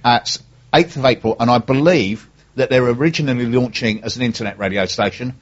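A man's voice: mid-range voice, a little fast. A man hosting a local radio show, chatting casually with a dry, teasing manner and a sore throat. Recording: dull, muffled radio studio sound.

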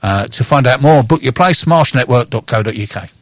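Male radio host, jokey, halting with fillers, dry close sound. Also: mid-range voice, lively intonation, no room sound. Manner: joking, hesitant, many fillers. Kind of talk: casual radio chat, reading tweets.

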